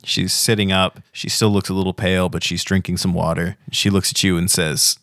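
Casual game master, low voice, dry close sound, laid-back narration. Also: male voice, fairly quick, hardly any pauses, no echo. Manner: relaxed, laughing often.

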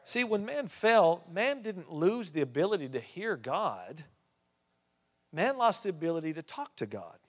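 Male pastor, sermon, fairly high voice, long church reverb, swings from loud to hushed. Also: big pitch swings, measured pace. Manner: preaching with emphatic rises and hushed drops.

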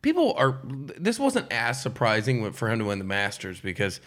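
A man on a podcast, telling stories in a lively, animated way. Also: medium pitch, moderate pace. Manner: animated storyteller, acts out quotes. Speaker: podcast guest, impressionist. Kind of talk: casual chat, storytelling.

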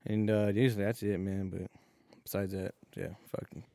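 A man telling a work story in casual chat, profane and animated with quoted lines. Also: on the low side, normal speed, gravelly, dry recording, clean studio sound. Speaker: warehouse lead.

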